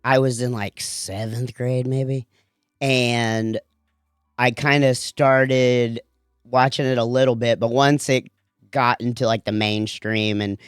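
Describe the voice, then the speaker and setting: Smooth-voiced laughing comedian in his thirties. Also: medium pitch, steady tone, takes it slowly, no room sound, studio quality, soft background music. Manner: laughs often, easygoing storytelling. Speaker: comedian guest. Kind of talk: casual comedy podcast chat.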